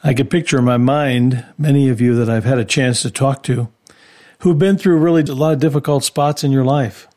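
A man's voice: mid-range voice, a little fast, a little mellow. A man hosting a Christian radio show, speaking in an encouraging, preacherly way to listeners. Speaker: radio host and Bible teacher.

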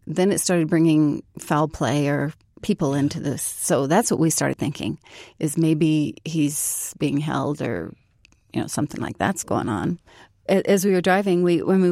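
Low-voiced woman telling a family story. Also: a little mellow, no echo, clean studio sound. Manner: earnest, recounting events step by step. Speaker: interview guest. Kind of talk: storytelling in an interview.

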